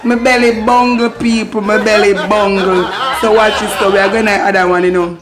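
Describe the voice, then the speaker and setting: A woman's voice: mid-range voice, steady tone, normal speed, pauses often, music in the background. A woman with a Jamaican accent giving a playful, casual patois lesson, laughing often and repeating phrases. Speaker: online patois teacher.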